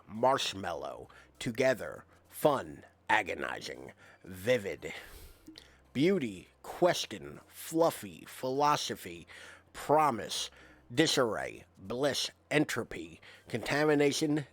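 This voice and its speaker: A man's voice: medium pitch, no echo. A male streamer on a live game stream, reading out game text and word lists with playful asides.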